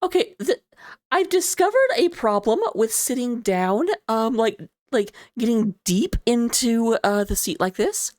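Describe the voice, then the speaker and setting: A woman casting an esports match in a chatty, giggly, rambling way, lounging low in her chair. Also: lively intonation, a little slow, darkish tone, no echo, clean studio sound. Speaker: esports caster. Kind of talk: casual esports commentary.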